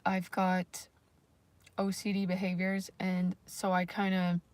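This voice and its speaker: A woman's voice: mid-range voice, monotone, slow, a little mellow, no room sound. A woman vlogger talking casually on a livestream, rambling and self-conscious, with lots of fillers and the odd swear word.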